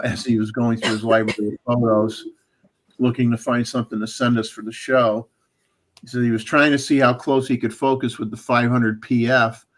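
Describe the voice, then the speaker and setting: A man hosting a photography livestream, chatting casually and reading out viewer photo details. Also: medium pitch. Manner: relaxed, chatty, reads out camera settings. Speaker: livestream host. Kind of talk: casual chat.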